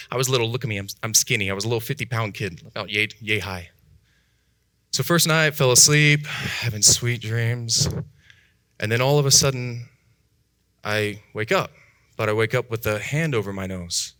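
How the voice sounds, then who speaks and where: A man telling his own life story in a talk, animated, jumping high in pitch and dropping to hushed tones as he acts out voices. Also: no room sound, studio quality. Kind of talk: dramatic personal storytelling talk.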